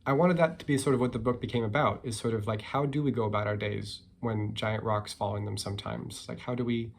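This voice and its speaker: A man, a picture book author, talking casually and reflectively about his book with many pauses and fillers. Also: on the low side, vocal fry, breathy edge. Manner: relaxed, musing, many fillers and hedges. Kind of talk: casual talk and read-aloud.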